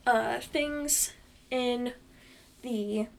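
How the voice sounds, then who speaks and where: A woman's voice: fairly high pitch, drawn-out words, vocal fry. A young woman co-hosting a podcast, chatting casually and rambling with fillers. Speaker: podcast co-host. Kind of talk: casual chat.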